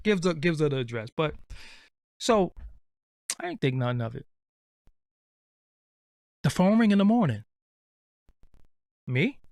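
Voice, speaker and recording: A man's voice: on the high side, very animated, unhurried, long pauses, a little mellow, no room sound. A man telling a comedic story in blunt, streetwise talk full of swearing. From Brooklyn, New York. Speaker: show host.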